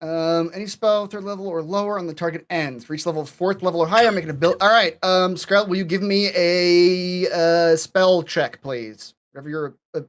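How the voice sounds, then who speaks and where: Man running a tabletop game, halting. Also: high-pitched, steady tone. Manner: halting, lots of fillers. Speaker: game master.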